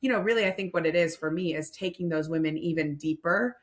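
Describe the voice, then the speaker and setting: A woman's voice: on the low side, fast. A middle-aged woman leading a nonprofit mission, telling stories earnestly and reflectively in a podcast interview.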